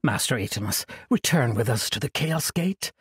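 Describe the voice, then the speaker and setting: A man's voice: mid-range voice, animated, moderate pace, breathy edge, dry recording, studio quality. A man voicing an earnest young male companion who speaks in a pleading way.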